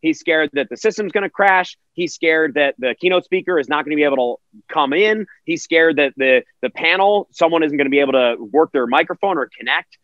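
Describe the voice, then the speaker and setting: Male emcee, lively interview answers, somewhat high voice, dry dull audio. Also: brisk, no echo. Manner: energetic, acts out quotes in put-on voices. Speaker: virtual event host and emcee.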